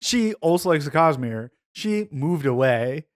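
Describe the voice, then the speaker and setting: A man's voice: on the high side, expressive, measured pace. A man co-hosting a podcast, telling rambling stories in casual chat with lots of fillers and quoted asides. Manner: rambling storyteller, many fillers and mimicked quotes. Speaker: podcast co-host.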